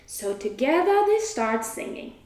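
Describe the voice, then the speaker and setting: A woman narrating a children's story in a slow, expressive storytelling manner. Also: sits high. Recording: echoey room.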